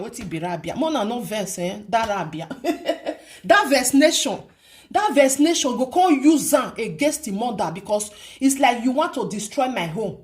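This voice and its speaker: Woman, Nigerian accent, vlogger, casual commentary, fairly high voice, emphatic, repetitive rhetorical questions. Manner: emphatic, repeats points and asks rhetorical questions.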